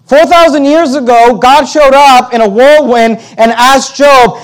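A male pastor works through scripture in a sermon, his voice sitting unusually high for a man. He presses his points with rhetorical questions and tends to stumble over and repeat words mid-sentence. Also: fairly even intonation, unhurried, few pauses, clean tone. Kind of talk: expository sermon.

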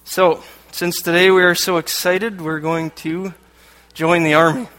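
A man from Canada delivers a sermon with a fairly high voice, reading passages aloud and dropping dry jokes in between. His voice rings out with a long reverb through a church hall. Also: level tone, moderate pace, a bit bright. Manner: joking asides between read passages. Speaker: lay preacher.

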